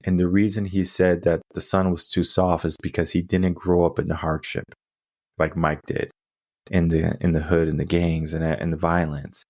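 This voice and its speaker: A man's voice: low-pitched, flat delivery, normal speed, a little mellow, no room sound, studio quality. A man hosting a coaching podcast, talking through stories and lessons in an earnest way, often checking in with asides. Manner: earnest storytelling with frequent asides. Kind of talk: solo coaching monologue.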